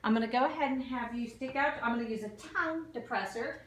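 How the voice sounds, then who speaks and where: Woman giving calm clinical instructions, echoey room. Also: on the high side, fast, far from the mic, slight background noise. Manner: calm step-by-step instructions with fillers. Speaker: nursing student doing an exam demo.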